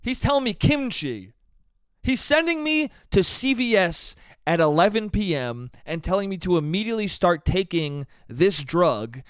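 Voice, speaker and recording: Exasperated ranting man, smooth clear voice. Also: sits high, moderate pace, no room sound, clean studio sound. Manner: exasperated, profane, mimics others in flat voices. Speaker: podcast host. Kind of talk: solo comedic rant.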